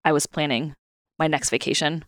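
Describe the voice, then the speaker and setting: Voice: mid-range voice, steady tone, moderate pace, dry recording, clean studio sound. A podcast host chatting casually and asking questions, adding short interjections. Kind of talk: podcast conversation.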